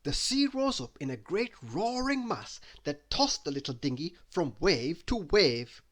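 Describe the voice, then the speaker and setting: A man reading a children's bedtime story aloud, slow and expressive. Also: a little high.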